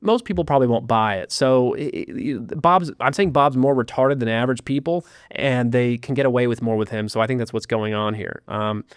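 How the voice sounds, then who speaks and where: A man's voice: medium pitch, a little fast, hardly any pauses, clear, resonant tone, dry recording, studio quality. A podcast host talking casually, irreverent and mocking, often restarting his sentences.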